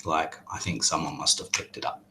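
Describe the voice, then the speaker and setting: A man narrating a tabletop game as game master, hesitant and halting. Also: extremely low pitch, little pitch movement, sharp tone, a little hiss or hum. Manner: hesitant, many fillers and restarts.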